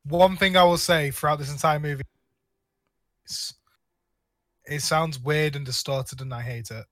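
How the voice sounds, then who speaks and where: A man's voice: fairly high pitch, fairly even intonation, unhurried, fairly bright tone, dry recording. A young man co-hosting a casual film review podcast, blunt and opinionated, riffing playfully. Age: young adult. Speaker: podcast co-host.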